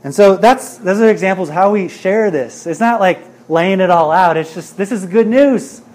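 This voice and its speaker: A man's voice: high-pitched, normal speed, darkish tone. A middle-aged man preaching a sermon as a pastor, talking in an earnest, conversational way and often asking "right?".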